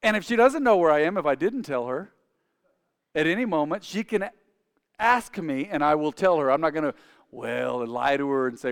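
A middle-aged man preaching a sermon through personal stories, animated and acting out dialogue in quick voices. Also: fairly high pitch, gravelly, smooth, long reverb tail. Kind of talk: sermon-style storytelling.

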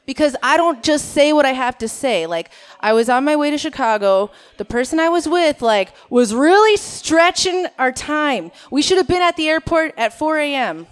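A woman's voice: sits high, expressive, fairly quick, hardly any pauses. A stand-up comedian from Minnesota, a woman, nervous on stage and chatting to the crowd in a self-mocking way. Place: on stage at a live show.

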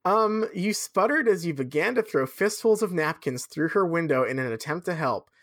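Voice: mid-range voice, lively intonation, normal speed, a bit bright, no echo, studio quality. A podcast host reading fan fiction aloud with dramatic flair, breaking off for sweary asides.

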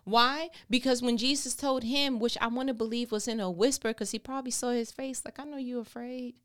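A woman hosting a casual faith talk, animated, laughing often and acting out biblical scenes in everyday slang. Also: a little high, a little fast, clear, resonant tone. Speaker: podcast host.

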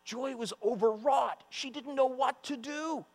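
A male preacher gives a sermon, addressing the women in his audience directly. His high voice is emphatic, and he repeats himself for emphasis, speaking a little slowly with few pauses. Behind him there's a long hall reverb and a faint mains hum.

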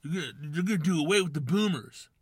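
A man putting on the voice of an excitable male conspiracy theorist who insists and keeps saying "dude". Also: a little high, quick pace, husky, no room sound, studio quality, pitched above the performer's own voice. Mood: conspiratorial. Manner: breathless, insistent, repeats "dude".

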